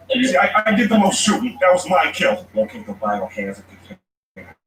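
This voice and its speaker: A man's voice: high voice, a bit bright. A man livestreaming a video game, joking and swearing in crude, rambling chat. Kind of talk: crude casual stream chat. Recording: echoey room, mic far off, faint noise.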